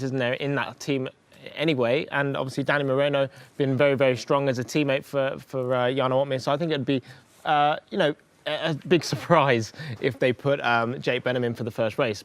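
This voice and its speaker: A man's voice: mid-range voice, steady tone, fairly quick, dry recording. A man giving casual analysis as a pundit, hesitant and full of fillers.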